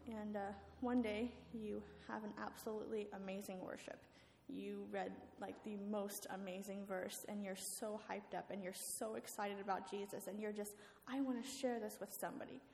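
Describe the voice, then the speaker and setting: A woman's voice: mid-range voice, little pitch movement, moderate pace, gravelly, few pauses, darkish tone, slight background noise. A woman telling a story as a sermon in a church, talking casually with filler words. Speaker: guest speaker. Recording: echoey hall with faint ambience.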